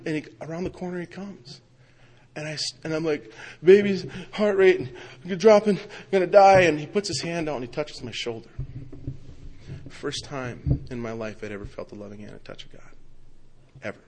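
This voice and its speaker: Man rambling through a heartfelt story. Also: medium pitch. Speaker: speaker sharing his recovery story. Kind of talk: personal testimony talk.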